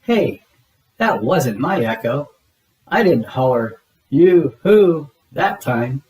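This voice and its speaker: A man voicing a big, gentle, childlike bird in a storybook, friendly and full of wonder. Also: medium pitch, sing-song, slow, roomy sound, far from the mic, poor audio. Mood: puzzled.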